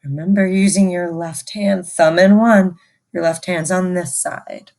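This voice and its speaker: Woman music teacher, unhurried, lower-pitched, gentle call-and-response recorder lesson for kids. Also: fairly even intonation.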